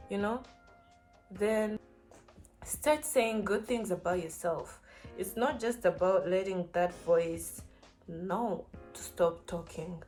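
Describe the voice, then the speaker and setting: A young woman talks to camera in an unhurried, earnest way. Her voice sits a little low, and she keeps her advice casual and encouraging. Soft music plays faintly behind her. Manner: earnest, encouraging, peppered with "like" and "you know". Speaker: vlogger.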